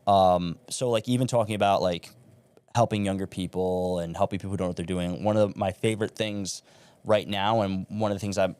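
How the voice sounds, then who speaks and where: A man's voice: low-pitched, steady tone, brisk, darkish tone, clean tone, dry recording. A young man, a podcast guest telling stories in casual talk, with plenty of swearing and filler words. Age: young adult. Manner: swears freely, storytelling, says like and bro.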